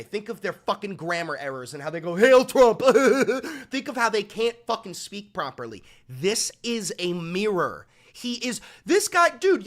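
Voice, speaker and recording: Brief: male stream host, scornful swearing commentary, bright and forceful tone. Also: high-pitched. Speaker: streamer reacting to news clips. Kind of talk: profane live commentary.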